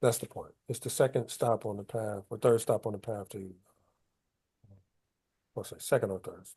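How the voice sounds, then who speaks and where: Man, Bible study teacher, casual colloquial delivery, mellow tone. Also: fairly low pitch, normal speed, breathy edge. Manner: colloquial, paraphrases scripture in casual street talk.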